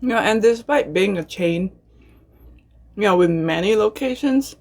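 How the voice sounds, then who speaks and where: A woman hosting a mukbang, chatting casually between bites with relaxed, unhurried murmurs of enjoyment. She talks from her home apartment. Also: medium pitch, creaky. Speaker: mukbang host. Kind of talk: casual ASMR eating chat.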